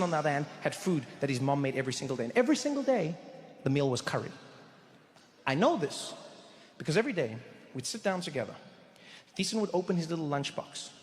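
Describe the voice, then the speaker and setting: A male stand-up comedian telling a story on a live stage, animated and acting out voices. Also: on the high side. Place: large live theatre. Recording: echoey hall with faint crowd noise.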